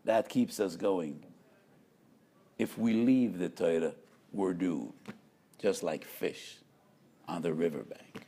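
Gravelly rabbi giving a Torah lecture. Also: male voice, low voice, mellow. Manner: measured, emphatic, storytelling.

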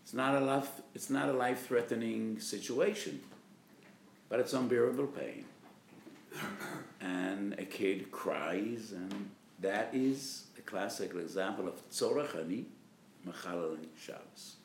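A man, a rabbi, giving a spirited lecture on religious law, hitting key terms with loud emphasis and acting out quoted speakers. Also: on the low side, unhurried, roomy sound, slight background noise. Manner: acts out patients and doctors in quoted voices.

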